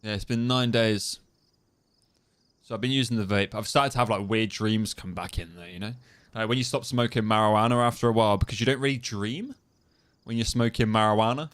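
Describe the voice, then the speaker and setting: A man's voice: on the low side, a bit bright. A young man streaming a game, chatting casually, swearing freely and laughing often. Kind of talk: casual gaming stream chat.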